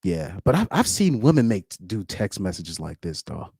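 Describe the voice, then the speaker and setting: A man's voice: sits low, very animated, normal speed, creaky, a little mellow, breathy edge, dry recording, clean studio sound. A man doing casual live-stream commentary, rambling and repeating words, often breaking into laughs.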